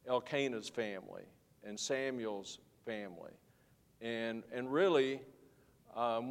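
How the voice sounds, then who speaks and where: A man's voice: mid-range voice, in a large hall. A man teaching a Bible study lesson to his class, folksy and rambling, often restarting his sentences. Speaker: Sunday school teacher.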